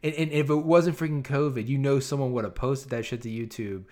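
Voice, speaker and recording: A man of ordinary pitch, trading casual banter and getting animated as he riffs. He restarts his sentences often and throws in mild swearing. It sounds easygoing and offhand. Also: fairly quick. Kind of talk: casual chat.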